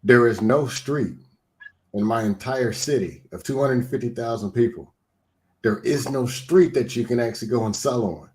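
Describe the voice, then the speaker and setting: A man's voice: mid-range voice, normal speed, darkish tone. Insistent man in a casual chat. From Chesapeake, Virginia.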